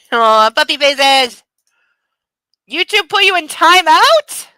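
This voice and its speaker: Woman livestream host at home at night, casual chat, baby talk to her dog, swearing, bright voice, dry close sound. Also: high voice, very animated, slow, no room sound, low-quality recording.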